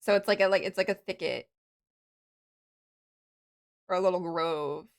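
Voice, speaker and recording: A woman streaming a game, chatting casually and rambling with many fillers and restarts, with excited bursts and soft, muttered asides. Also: on the low side, a little slow. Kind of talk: casual live-stream chatter while playing.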